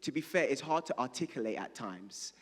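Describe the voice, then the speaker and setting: A man's voice: medium pitch, animated, a little fast, fairly bright tone. A male pastor preaching a sermon, leading the congregation in call and response and reading scripture aloud. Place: church hall. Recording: reverberant church hall.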